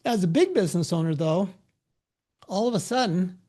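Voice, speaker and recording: A middle-aged man, a tax advisor, giving a relaxed, anecdote-filled presentation over a video call with frequent restarts. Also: high-pitched, normal speed. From United States.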